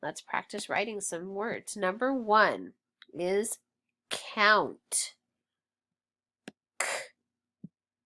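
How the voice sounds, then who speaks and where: Slow, patient woman teaching phonics. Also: mid-range voice, very animated, pushed and bright. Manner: patient, encouraging, stretches sounds out. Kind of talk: slow, clear phonics drill.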